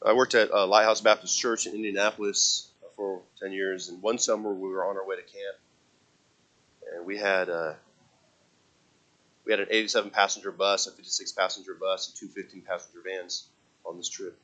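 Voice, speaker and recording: In poor audio, a deep-voiced man preaches fairly quickly in a level tone. He quotes the Bible and drives his points with emphasis, his volume climbing and receding.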